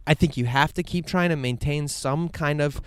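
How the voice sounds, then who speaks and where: A man hosting a podcast, rambling earnestly to himself in a quiet outdoor meadow, with lots of "like" and frequent swearing. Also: on the high side, normal speed, smooth. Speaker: podcast host. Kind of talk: casual reflective monologue.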